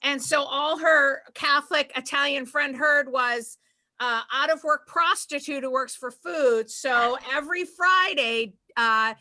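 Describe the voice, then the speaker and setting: Middle-aged Boston woman, stand-up comic on a video call; high, bright voice, chatty and self-mocking. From Boston area, USA. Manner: chatty, self-deprecating, breaks into quick put-on voices. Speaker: stand-up comedian.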